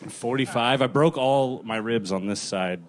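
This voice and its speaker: A man's voice: mid-range voice, measured pace. A man doing a short stand-up set, then chatting with the host on stage. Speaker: stand-up comedian.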